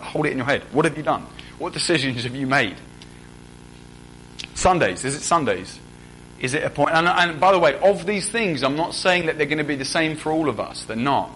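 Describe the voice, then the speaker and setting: A man's voice: medium pitch, a bit bright, a little hiss or hum, rough recording. A young man preaching a sermon in a conversational way, often putting questions to the congregation.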